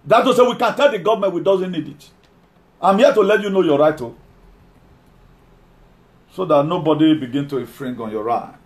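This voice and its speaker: A man preaching a sermon, emphatic, repeating key lines and slowing down to read scripture. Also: a little high.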